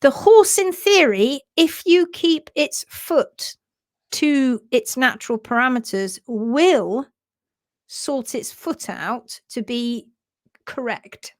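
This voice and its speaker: Chatty giggly Englishwoman, fairly high voice. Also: animated, takes it slowly. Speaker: hoof care presenter. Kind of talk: casual live-stream chat.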